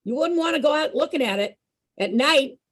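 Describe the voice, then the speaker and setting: A woman telling a story to a group in an animated way, often asking her listeners questions. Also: high voice, fairly quick. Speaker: storyteller and song leader.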